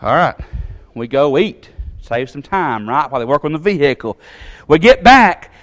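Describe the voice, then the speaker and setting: In a sermon, a man tells a long personal story at a normal pace. His delivery is folksy and animated, with sudden leaps in pitch.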